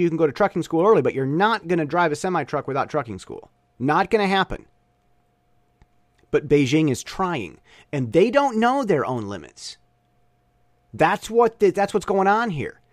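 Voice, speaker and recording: A young man talks through his views in a casual monologue, his voice a touch high and swinging widely in pitch. He often trips over his words and restarts mid-sentence. The sound is close and dry, with no room around it. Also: dry recording. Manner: opinionated, stumbling restarts.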